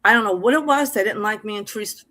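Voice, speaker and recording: A woman's voice: medium pitch, racing, sharp tone, low-quality recording. A middle-aged woman from Massachusetts, telling a personal story on an open mic stream in an emphatic, heartfelt, rambling way.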